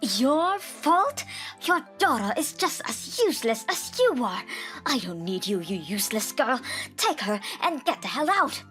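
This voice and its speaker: A woman voicing a cruel, spiteful older mother-in-law in a manga dub, shrill and scornful. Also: big pitch swings, moderate pace, fairly bright tone, faint music behind. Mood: shrieking.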